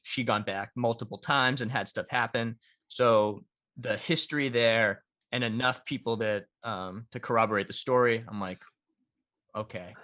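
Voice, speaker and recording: A man co-hosting a podcast, chatting casually and with enthusiasm. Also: medium pitch. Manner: enthusiastic, animated. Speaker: podcast co-host.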